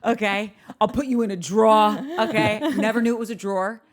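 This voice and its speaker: A woman from New Jersey co-hosting a casual podcast, recapping a reality show in heated, animated rants. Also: mid-range voice, a little fast. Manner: heated, ranting, animated storytelling. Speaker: podcast co-host.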